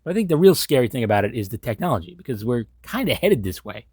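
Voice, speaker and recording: Husky, sarcastic male commentator. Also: medium pitch, big pitch swings, fast talker, a little mellow, no room sound, clean studio sound. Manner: sarcastic, incredulous, profane. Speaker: commentary host. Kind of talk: casual episode commentary.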